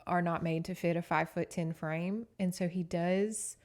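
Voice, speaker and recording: A woman podcast host recapping a romance novel in a chatty, profane, animated way. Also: fairly low pitch, normal speed. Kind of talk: casual book recap.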